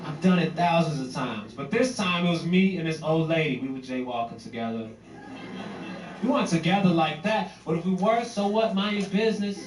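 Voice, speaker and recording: A man doing a stand-up comedy routine, telling a story in a brash, sarcastic way. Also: on the high side. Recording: echoey room, distant mic, music.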